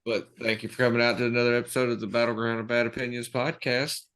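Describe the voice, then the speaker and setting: A man's voice: mid-range voice, fast, smooth. A man, co-hosting a podcast in casual chat, joking and swearing freely. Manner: joking, profane, lively. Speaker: podcast co-host.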